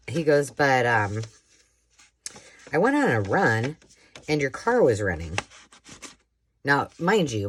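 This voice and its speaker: A woman's voice: very deep voice, slight background noise. A middle-aged woman hosting a home crafting vlog, chatting and telling a rambling story while she works, laughing and acting out the voices of the people in it. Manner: rambling, animated storyteller who laughs often and acts out quoted voices. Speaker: craft channel host.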